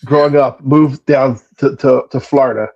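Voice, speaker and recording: A man's voice: medium pitch, steady tone, muffled recording, a crowd in the background. A man with a Delaware County accent chatting casually on a podcast, stumbling through repeated starts. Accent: Delaware County, Pennsylvania. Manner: halting, lots of repeated starts. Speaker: co-host, restaurant owner. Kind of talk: casual sports podcast chat.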